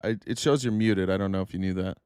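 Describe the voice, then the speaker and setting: A man's voice: low voice, steady tone, quick pace, darkish tone, smooth, no room sound, clean studio sound. A man hosting a live political talk stream, reading out viewer comments in a blunt, casual way and swearing freely. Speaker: political talk show host.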